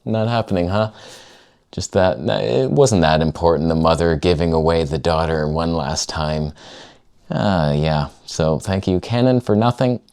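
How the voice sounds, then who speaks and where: A man narrating his own video footage in a casual, sarcastic, self-mocking way with quick asides. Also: deep voice, darkish tone, smooth. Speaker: photographer vlogger.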